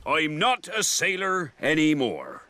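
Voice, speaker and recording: Cartoon dog sea captain, jolly and blustery, bright very lively voice, slow delivery. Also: male voice, fairly high pitch, dry recording, exaggerated voice. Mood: hearty. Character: hearty, adventurous male dog sea captain.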